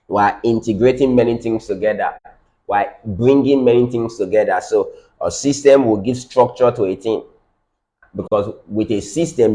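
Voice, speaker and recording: Emphatic low-voiced man teaching. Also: darkish tone. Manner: repetitive, emphatic, repeats key phrases. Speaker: business trainer. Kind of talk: live-streamed teaching session.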